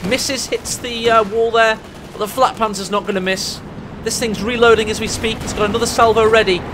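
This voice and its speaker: A high-pitched man calls a strategy game match with jokey, excitable energy, his voice climbing into shouts at the big plays. Faint gunfire and engine sounds from the game run underneath. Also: brisk, background noise. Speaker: game caster. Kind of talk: energetic esports commentary.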